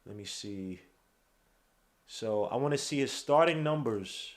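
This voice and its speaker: A man hosts a casual sports podcast from his computer desk. His voice sits at a middle pitch, loud and animated, full of street slang. He trails off into mumbles whenever he searches his screen. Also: measured pace. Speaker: podcast host. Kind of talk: casual live-stream sports talk.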